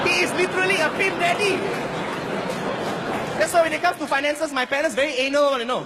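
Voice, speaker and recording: Malaysian stand-up comic, very high voice, reverberant hall with faint noise; lively storyteller who acts out characters. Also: male voice, a little fast, pauses often, a loud crowd. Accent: Malaysian English. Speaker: stand-up comedian. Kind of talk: stand-up comedy set. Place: stage before a live audience.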